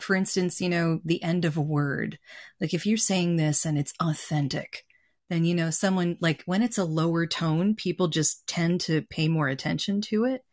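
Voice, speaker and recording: A woman hosting a podcast, moving from a scripted intro to a friendly, curious interview. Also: on the low side. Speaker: podcast host.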